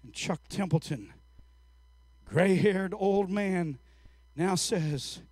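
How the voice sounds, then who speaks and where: Slow, high-voiced male preacher. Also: breathy edge, no echo. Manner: slow, halting storytelling that builds to fervent shouting. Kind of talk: sermon.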